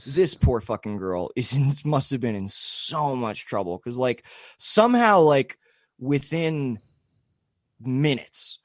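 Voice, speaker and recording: A man's voice: medium pitch, expressive, takes it slowly, no room sound, studio quality. A young man telling a long story in casual podcast chat, full of fillers and swearing. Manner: rambling, filler-heavy, swears freely. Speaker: podcast co-host.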